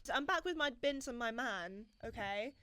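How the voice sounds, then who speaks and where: High, bright-voiced young woman telling stories. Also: normal speed, no room sound. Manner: giggly, animated storytelling. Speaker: podcast co-host. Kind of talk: casual chat.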